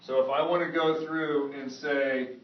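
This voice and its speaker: A man with a fairly high voice teaches a Spanish grammar lesson to a classroom, speaking unhurriedly with a slight hiss or hum in the background. He's lively and keeps checking whether students are following. The recording is dull and echoey, captured far from the mic in the classroom.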